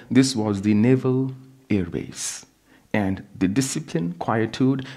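A spiritual teacher reading his own book aloud in a calm, measured storytelling manner. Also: mid-range voice, gravelly.

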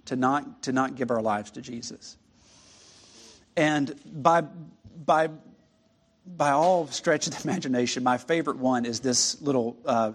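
A man preaching a sermon in a conversational, halting way with frequent restarts. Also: medium pitch.

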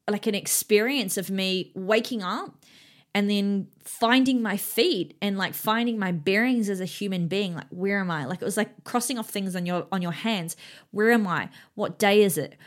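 A woman in her thirties from New Zealand, a gym owner and coach, talking candidly and emotionally, swearing freely and rambling with many fillers. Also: medium pitch. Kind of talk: candid personal monologue.

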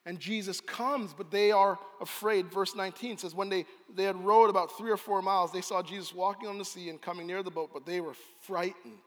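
A man preaching a sermon as pastor, telling a scene with lively storytelling and acting it out. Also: high-pitched, a little fast, few pauses. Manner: animated storyteller, acts out scenes. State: out of breath. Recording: long hall reverb.

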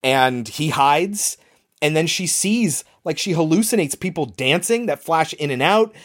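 This podcast host tells the story with lively energy, piling on details and dropping the odd curse word. It's relaxed banter between friends, delivered in an animated, chatty way. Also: medium pitch, a little slow. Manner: animated storyteller, swears casually. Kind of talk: casual movie recap chat.

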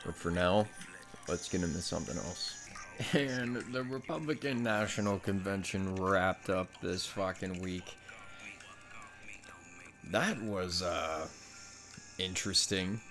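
Deep voiced guy ranting to his viewers, swears nonstop, heated, soft music behind. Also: takes it slowly, long pauses. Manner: profane, heated and exasperated. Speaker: vlogger. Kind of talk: casual commentary rant.

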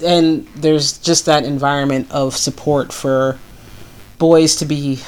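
A woman's voice: low-pitched, steady tone, slow pace, a little mellow. A woman co-hosting a podcast, telling stories in casual chat with frequent restarts and asides. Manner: chatty, storytelling with many restarts. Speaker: podcast co-host.

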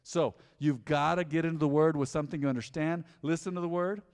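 A male pastor preaching a sermon in a church hall, animated and conversational, often repeating his points. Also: on the high side, quick pace, clean tone. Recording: long hall reverb.

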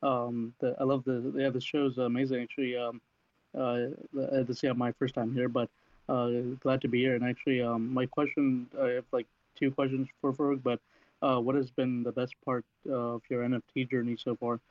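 A man's voice: mid-range voice, flat delivery, moderate pace, no room sound. A man from the audience asking questions hesitantly, with many fillers. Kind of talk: casual question. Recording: dull, dry audio.

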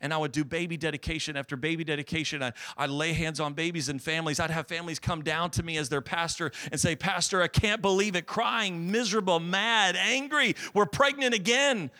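A middle-aged man preaches in a church, his voice high and strikingly bright. He drives his points home with rising, energetic exhortation, then pulls back to soft, earnest tones. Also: fairly quick, few pauses. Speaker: pastor. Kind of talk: sermon. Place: church sanctuary.

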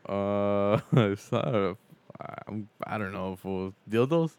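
A man in casual chat, often laughing and teasing his friend with quick interjections. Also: lowish voice, a little mellow, smooth, dry recording.

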